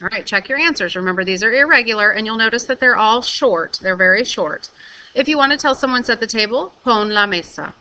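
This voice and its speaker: A woman teaches a recorded video lesson in a bright, clear voice. She walks through each step carefully and keeps checking in with a quick "okay?". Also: on the high side, lively intonation, poor audio. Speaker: Spanish teacher.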